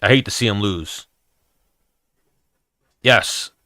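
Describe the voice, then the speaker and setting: A man's voice: on the low side, slow pace, bright, forceful tone, no room sound, clean studio sound. Blunt, profane New man. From New York, USA. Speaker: MMA show host answering chat. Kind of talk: casual live-stream chat.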